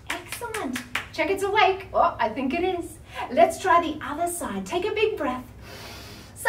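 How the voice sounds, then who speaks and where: A woman's voice: high-pitched, sing-song, a little slow, a little hiss or hum. Sing-song Australian woman leading kids' yoga. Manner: sing-song, playful, exaggerated gasps. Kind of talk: online yoga class for toddlers. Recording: roomy, distant mic with faint ambience.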